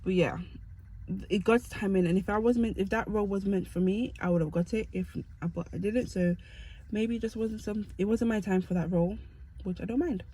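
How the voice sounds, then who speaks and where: A woman's voice: medium pitch, a little fast, mellow, husky, rough recording. Chatty self-mocking young woman vlogger. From United Kingdom. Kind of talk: casual storytelling to camera.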